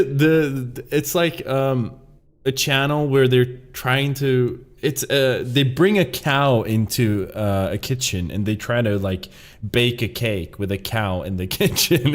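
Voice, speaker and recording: Slow rambling profane gaming streamer man. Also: mid-range voice. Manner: rambling, profane, joking, laughs often. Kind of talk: casual chat while gaming.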